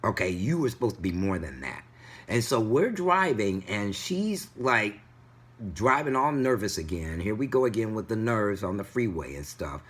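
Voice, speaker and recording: Indignant husky man telling a story. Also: lowish voice, normal speed. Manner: animated, indignant retelling. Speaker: vlogger. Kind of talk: casual storytelling vlog.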